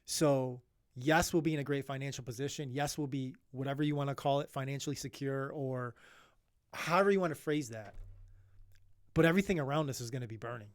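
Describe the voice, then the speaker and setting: A man's voice: medium pitch, brisk, no echo, studio quality. A young man co-hosting a podcast, talking in an earnest, rambling way with many restarts, emotional about his topic. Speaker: podcast co-host. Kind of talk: casual podcast chat.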